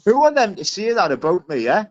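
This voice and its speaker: A man's voice: high-pitched, big pitch swings, fairly quick. A man talking bluntly on a livestream panel, swearing and restarting his sentences. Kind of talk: heated livestream argument. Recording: muffled lo-fi stream audio.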